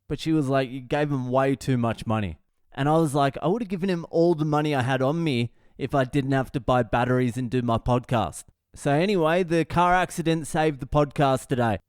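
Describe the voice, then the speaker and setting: This podcast host, a middle-aged man with an Australian accent, is a profane, animated storyteller who keeps laughing at his own expense as he casually spins a tale. He speaks at a medium pitch and a fairly quick pace with a clean tone. It's studio quality with no echo.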